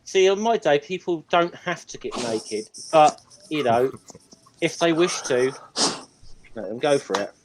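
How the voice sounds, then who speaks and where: A man chats on a casual panel show. He rambles, hesitating and restarting his thoughts. His voice sits a little high. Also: animated, noisy background. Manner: rambling, halting, lots of ums and restarts. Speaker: regular panelist. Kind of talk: casual group chat.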